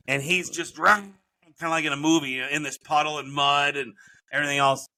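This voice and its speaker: A middle-aged man with a bright, forceful voice tells a long, winding story as a podcast guest. He often corrects himself mid-sentence and grows lively at the high points. The sound is dry and close. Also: brisk, no echo, poor audio. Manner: rambling, self-correcting, animated when telling stories. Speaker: podcast guest, author and business coach. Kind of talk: casual storytelling interview.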